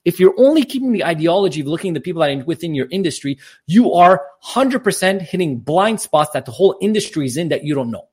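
A man's voice: fairly high pitch, big pitch swings, fast, hardly any pauses, a little mellow, slightly rough. A man who works as a professional speaker and coach, answering questions as a podcast guest in an emphatic, motivational way. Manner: emphatic, motivational, talks in long runs.

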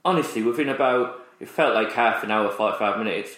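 A man's voice: on the low side, fairly quick, fairly bright tone. A man chatting casually as a podcast co-host, rambling through a story with restarts and laughs. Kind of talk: casual chat. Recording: roomy echoey room.

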